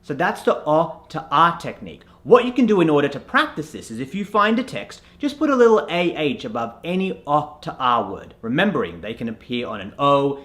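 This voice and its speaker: Male accent coach, animated delivery, clear and instructive, breaks sounds down letter by letter. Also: mid-range voice. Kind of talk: instructional lesson.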